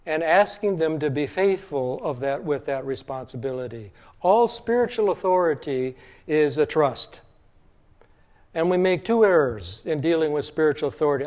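A man preaching a sermon in a measured teaching tone, slowing down to stress scripture quotes. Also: on the high side, darkish tone.

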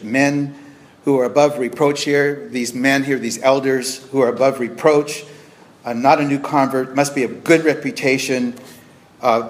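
A male pastor preaches a sermon in his church at a middle pitch. He speaks earnestly, stopping to restart phrases and filling pauses as he works through a passage. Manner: earnest, halting with frequent restarts and fillers.

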